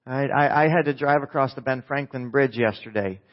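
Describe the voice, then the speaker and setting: A married man preaching a conversational sermon to a live congregation, lively and jokey, often quizzing the audience with quick questions. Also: mid-range voice. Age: adult, married with a wife. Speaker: pastor. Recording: dull lo-fi sound.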